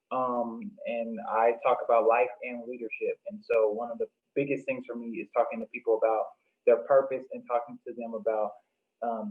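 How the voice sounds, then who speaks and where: A young man from Mississippi, a panel guest, introducing himself in an earnest, motivational way. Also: mid-range voice. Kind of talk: casual self-introduction. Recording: phone-like call audio.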